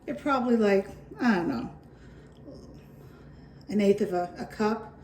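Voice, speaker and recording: A woman's voice: medium pitch, measured pace, darkish tone, far from the mic. New York woman, casual cooking demo, echoey kitchen, off-mic, faint room noise. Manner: chatty, reassuring, with fillers. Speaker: home cooking channel host.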